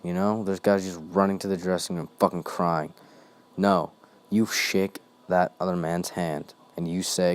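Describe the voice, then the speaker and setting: A man's voice: deep voice, little pitch movement, measured pace. A young man hosting a ranting monologue, heated and blunt, swearing constantly.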